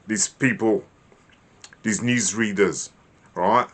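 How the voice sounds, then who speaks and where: A man's voice: on the low side, fairly even intonation, measured pace, a bit bright. A man hosting his own channel, giving a lecture-style monologue in an emphatic, repetitive way and often checking in with the listener. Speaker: channel host.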